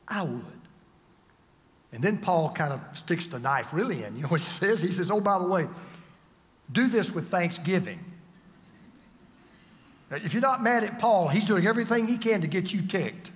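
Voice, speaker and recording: Older preacher guy, high voice, big swings loud to quiet, long hall echo. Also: big pitch swings, normal speed, long pauses. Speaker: pastor. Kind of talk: sermon.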